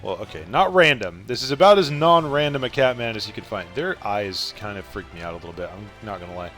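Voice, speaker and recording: A man streaming a fantasy game, joking casually with loud bursts and swearing while he plays. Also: fairly low pitch, animated, fast talker, faint music behind. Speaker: gaming streamer.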